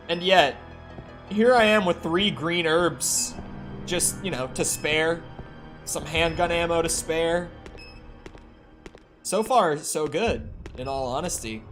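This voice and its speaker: A man streaming a game, chatting casually, reacting aloud and answering his chat, with sudden loud outbursts. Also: fairly high pitch. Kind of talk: casual let's-play commentary.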